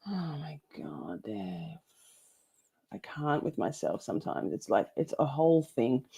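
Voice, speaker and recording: A woman's voice: rumbling low, sing-song, measured pace, warm tone, breathy edge, no echo. Chatty woman hosting a livestream. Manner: chatty, swears and laughs a lot, reads out chat comments. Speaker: livestream host. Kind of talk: casual livestream chat.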